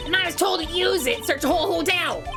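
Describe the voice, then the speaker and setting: A woman voicing a crotchety, gossipy old woman from a game, loud, scolding and huffy. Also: extremely high pitch, fast talker, voice pushed up. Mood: grumpy. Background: game music.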